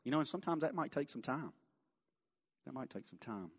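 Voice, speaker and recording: A man telling a folksy mission story in a sermon, animated, then dropping quiet for emphasis. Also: medium pitch, a little fast, breathy edge. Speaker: lay speaker sharing a mission story. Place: church sanctuary. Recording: long church reverb.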